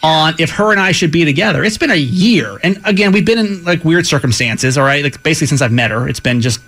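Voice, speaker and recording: Lively, high-pitched man, uncertain. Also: quick pace. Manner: uncertain, searching. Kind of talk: asking for a reading.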